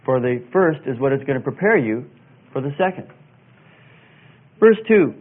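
A man teaching through scripture verse by verse, in a voice of ordinary middle pitch. He speaks deliberately, pausing on fillers and spelling out words letter by letter. The sound is thin and narrow, like a phone line. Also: animated. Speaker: Bible teacher.

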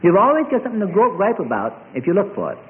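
A man preaching a rousing sermon, swinging from loud high cries to low murmurs. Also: huge pitch swings, rapid-fire. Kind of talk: fiery sermon. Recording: tinny lo-fi phone-like sound.

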